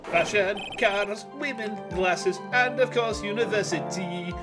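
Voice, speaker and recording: A man voicing a pompous young male witness with a put-on evil Italian accent, speaking slowly and haughtily over game music. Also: sits high. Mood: haughty. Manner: haughty, drawn-out and theatrical.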